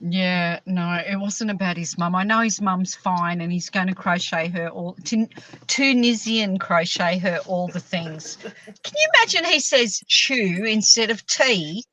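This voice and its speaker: A woman's voice: lowish voice, a little slow, bright, forceful tone, no echo, rough recording. A woman hosting a casual podcast chat, teasing her friends in mock-indignant banter. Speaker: podcast host.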